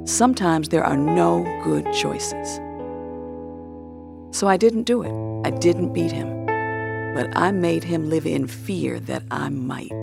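A woman's voice: sits low, very animated, takes it slowly, gravelly, pauses often, music in the background. A woman recounting a personal story in a blunt, matter-of-fact way.

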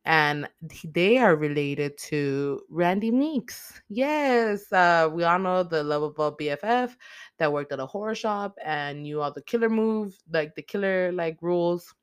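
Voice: mid-range voice, expressive, a little slow, clear, resonant tone, no room sound, clean studio sound. A podcast host giving a casual, chatty movie recap, swearing a lot and using many filler words.

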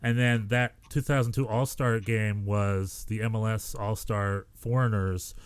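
A man's voice: on the low side, a little slow, clean tone, no room sound. A man from the United States, a podcast co-host telling stories in casual chat and acting out quotes with energy. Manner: animated storyteller, acts out quotes.

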